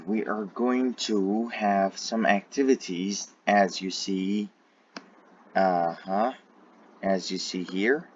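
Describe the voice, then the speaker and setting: A man's voice: lowish voice, slow, lo-fi sound, a little hiss or hum. A man teaching an English grammar lesson to his students in a self-recorded video, repeating each point and checking in with "right?".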